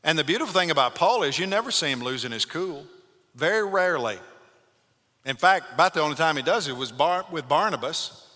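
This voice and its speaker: Bright-voiced male pastor preaching in a hall. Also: on the high side, expressive, brisk. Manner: dynamic preaching, shifts from loud to hushed. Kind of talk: sermon.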